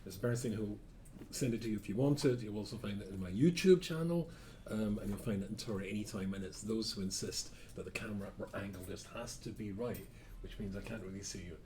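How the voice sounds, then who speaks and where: A man's voice: on the low side, brisk, mellow, slight background noise. A man giving an informal Torah class as a rabbi, a rambling storyteller who keeps correcting himself and drops dry asides.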